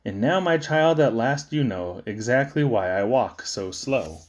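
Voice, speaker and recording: A man giving a playful, sing-song reading of children's poems, with sudden high squeaks and low drops. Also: expressive, unhurried. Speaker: poetry reader.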